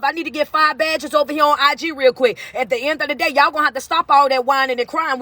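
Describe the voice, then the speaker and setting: High-voiced blunt woman coach on a livestream. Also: pushed and bright, no room sound. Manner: blunt, direct, preachy. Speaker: motivational speaker and life coach. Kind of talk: livestream talk to viewers.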